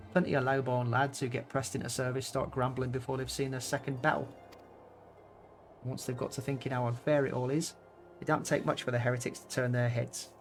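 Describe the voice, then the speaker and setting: A candid common soldier rambles on in a put-on rustic accent, his speech drawling and full of casual grammar, as a man reads him aloud. His voice sits in an ordinary middle pitch. Soft game music plays underneath. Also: lightly acted. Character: low-born male soldier, folksy and candid.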